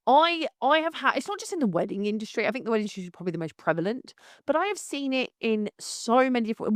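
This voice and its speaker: A woman's voice: fairly high pitch, fairly bright tone, no echo, studio quality. A woman hosting a solo podcast, ranting in a blunt, fired-up and sweary way. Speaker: podcast host and wedding photographer.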